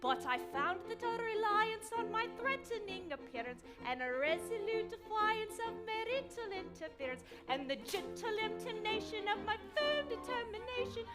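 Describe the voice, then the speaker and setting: Woman as domineering operetta duchess, very high soprano, sweeping sung lines, live stage, orchestra behind. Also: expressive, normal speed, hardly any pauses, loud music behind the voice. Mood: triumphant. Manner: tart, sweeping operatic singing. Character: imperious middle-aged duchess, domineering wife. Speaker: opera singer. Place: theatre stage, live performance.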